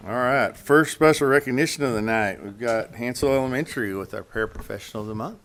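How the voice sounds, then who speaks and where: A man's voice: mid-range voice, fast talker, a bit bright. A man presiding over a school board meeting, brief and businesslike. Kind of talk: running a meeting agenda.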